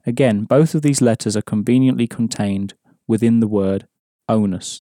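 A man teaching a language lesson in measured, scripted narration, explaining rules and repeating key points. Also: lowish voice, steady tone, dark tone, no room sound, clean studio sound.

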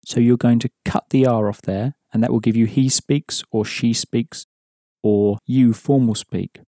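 A man's voice: medium pitch, fairly even intonation, unhurried, dark tone, dry recording, clean studio sound. A man teaching an audio language lesson, patiently explaining rules and prompting the listener.

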